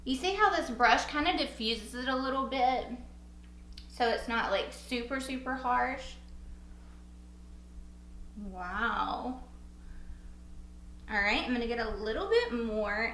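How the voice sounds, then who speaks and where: A young woman with a Southern US accent chatting casually through a makeup tutorial, bubbly and quick to laugh at herself. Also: on the high side, animated, fairly bright tone, echoey room, a little hiss or hum, rough recording. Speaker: beauty vlogger.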